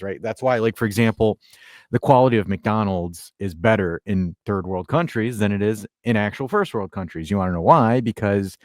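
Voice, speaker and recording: A man's voice: lowish voice, dry recording, clean studio sound. A man hosting a podcast, joking in casual chat and stumbling over his words. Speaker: podcast host.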